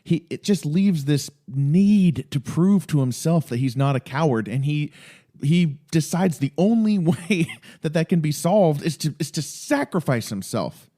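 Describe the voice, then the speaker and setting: A man's voice: fairly high pitch, unhurried. A man co-hosting a TV rewatch podcast, talking emotionally and acting out quoted lines. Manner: emotional, animated, quotes scenes in a raised voice. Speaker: podcast co-host. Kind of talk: casual chat.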